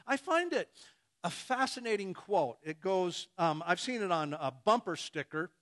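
Male preacher, high-pitched, slow and deliberate, playful conversational delivery. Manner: animated, acts out imagined dialogues. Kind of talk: sermon.

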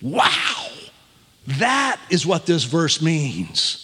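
Older male pastor, chuckling, folksy delivery, animated pitch, echo of a big room. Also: very slow, husky. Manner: folksy, self-deprecating, chuckling. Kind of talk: sermon.

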